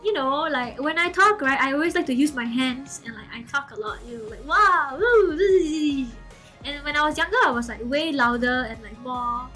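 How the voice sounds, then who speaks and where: A young woman chats to her stream in a high, bright-toned voice. She is animated and giggly and keeps checking in with okay and like. Soft music plays faintly behind her. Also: brisk, few pauses. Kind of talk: casual storytelling to chat.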